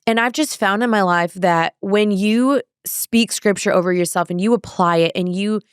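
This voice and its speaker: A young woman hosting a podcast, telling a frantic everyday story in a casual, animated way, acting out her own reactions and peppering her talk with "like.". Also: mid-range voice, moderate pace, clear, resonant tone, no room sound, clean studio sound. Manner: animated, breathless retelling with acted-out inner quotes; fillers "like" throughout. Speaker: podcast host.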